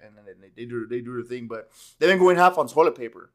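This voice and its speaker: Young guy on a podcast, rambling on, swears a lot, laughs at his own stories, average pitch. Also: fairly even intonation, rapid-fire. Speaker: podcast co-host. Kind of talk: casual chat.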